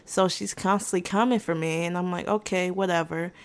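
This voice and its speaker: Dry, sarcastic woman with a lowish voice. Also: a little fast. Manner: rambling with restarts and asides. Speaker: podcast host. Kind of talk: casual storytime monologue.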